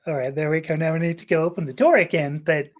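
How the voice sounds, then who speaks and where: A woman's voice: sits low, fast. A woman guest on a podcast, telling a personal story candidly, often stammering, laughing and restarting her sentences.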